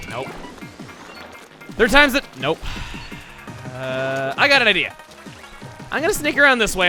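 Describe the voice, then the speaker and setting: A man's voice: on the high side, pushed and bright. A man hosting a gaming video, chatting playfully and mocking himself as he plays. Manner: playful, self-mocking, chatty while playing. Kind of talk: let's play commentary.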